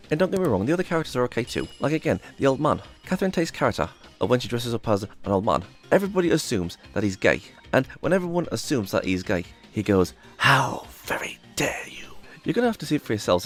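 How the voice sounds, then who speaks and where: Young male host, quick and animated delivery, faint music bed underneath. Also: medium pitch. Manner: chatty and enthusiastic, often retelling jokes with put-on voices. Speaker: video host reviewing comedy shows. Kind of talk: casual spoken review.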